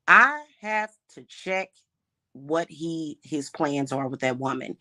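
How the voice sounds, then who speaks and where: A woman's voice: lowish voice, expressive, measured pace, pushed and bright. A woman who practices witchcraft and hosts her own channel, talking in an emphatic, indignant unscripted monologue full of restarts and repeated words.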